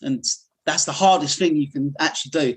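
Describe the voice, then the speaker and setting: Here a middle-aged man from the United Kingdom speaks a little fast, his voice on the higher side. A martial arts instructor, he candidly recounts his life in an interview, wandering off track with frequent fillers and restarts.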